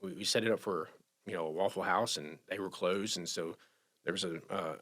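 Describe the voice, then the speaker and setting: A man talks through a personal story in a low, unpolished voice. He speaks haltingly and with feeling, often repeating himself and starting over mid-sentence. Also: a bit bright. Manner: emotional, halting, many restarts. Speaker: podcast guest sharing recovery story. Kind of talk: casual storytelling.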